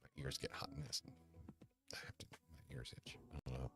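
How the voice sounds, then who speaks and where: Very deep gravelly-voiced man rambling. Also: very animated, fairly quick, in a whisper. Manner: rambling and hesitant, with many restarts and sighs. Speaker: livestream host. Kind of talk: casual livestream chat.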